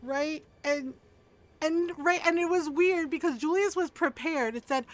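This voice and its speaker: High-voiced woman streamer chatting. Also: a little slow, no echo. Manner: animated, laughing storytelling with casual swearing. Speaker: game streamer. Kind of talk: casual chat with stream viewers.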